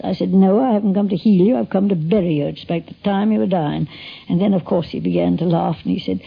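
Older woman with a gravelly, husky voice. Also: mid-range voice, lively intonation, brisk. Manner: chatty, anecdotal, full of asides. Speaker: interviewee recalling a late friend. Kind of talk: archival reminiscence. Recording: dull lo-fi archive recording.

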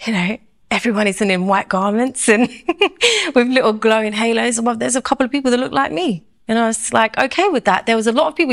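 Woman telling an expressive faith testimony. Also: medium pitch. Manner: expressive storytelling, acting out her own inner thoughts.

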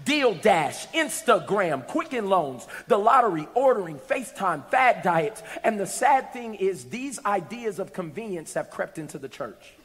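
A man preaching a sermon to a congregation, telling a story and building to shouted peaks. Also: sits high, very animated, a little slow, few pauses, big-room sound, soft background music. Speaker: pastor. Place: church hall with congregation.

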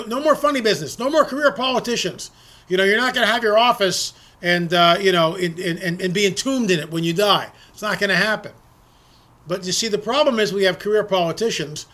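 A middle-aged political commentator delivers an indignant opinion monologue, ranting and firing off rhetorical questions. His voice is high-pitched and a bit bright.

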